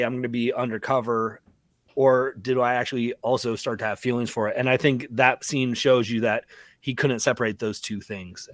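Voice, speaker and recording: A man's voice: mid-range voice, no echo. A man talking casually on a live-streamed panel, rambling with lots of fillers.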